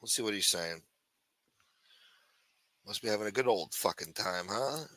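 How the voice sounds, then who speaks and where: A man's voice: lowish voice, expressive, moderate pace, bright, forceful tone, no echo. A man hosting a livestream, rambling in a sarcastic, profane, casual way. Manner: rambling, sarcastic, heavy swearing. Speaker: livestream host.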